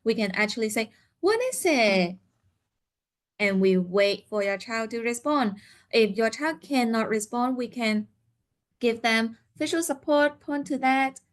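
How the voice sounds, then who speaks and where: A woman's voice: a little high, fairly even intonation, unhurried. A woman teaching a seminar for parents, explaining step by step with many fillers and acting out what parents and children might say.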